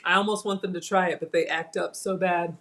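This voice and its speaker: A woman's voice: lowish voice, fairly even intonation, a little fast, fairly bright tone. Woman, live cooking vlogger, chatty and casual, says y'all a lot. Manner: chatty, addresses viewers as y'all, savoring food.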